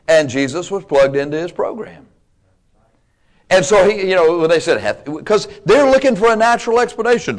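A man's voice: fairly high pitch, animated, normal speed. A man preaching a sermon, emphatic and dynamic, with playful asides to the congregation. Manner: emphatic, swings between loud and quiet, playful asides.

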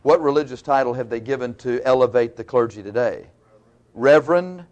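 A man's voice: mid-range voice, brisk, darkish tone, muffled recording. Male preacher, folksy conversational sermon delivery. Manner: folksy, conversational Bible teaching with laughs and asides.

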